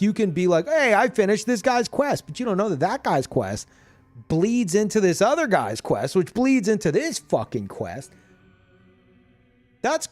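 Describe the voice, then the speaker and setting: A man streamer chatting casually about a video game, animated and profane, laughing often. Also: sits high.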